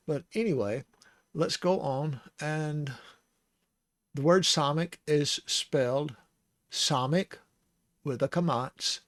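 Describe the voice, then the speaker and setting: A man teaching the Hebrew alphabet in a casual, rambling way, sounding out syllables slowly and chuckling now and then. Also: fairly high pitch, fairly bright tone, no echo, clean studio sound. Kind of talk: casual lesson.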